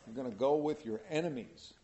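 A man with a mellow, medium-pitched voice speaks briskly while leading an informal Bible study. He reads scripture aloud, then explains it to a small group in casual, everyday language.

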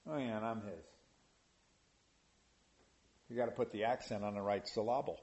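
A gravelly male preacher, his voice climbing high and loud on the points he stresses. He teaches scripture in an animated way. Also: moderate pace, long pauses. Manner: animated, rising to loud emphasis. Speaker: pastor. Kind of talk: sermon.

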